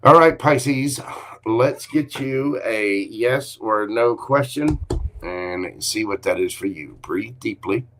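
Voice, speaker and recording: A man's voice: on the low side, lively intonation, slow, a bit bright, a little hiss or hum. A man giving a live tarot reading in an upbeat, encouraging way, with frequent exclamations. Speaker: tarot card reader.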